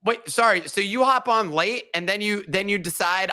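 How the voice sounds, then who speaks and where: Man, co-host, bright forceful voice, joking, self-mocking, casual live audio chat. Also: high voice, normal speed.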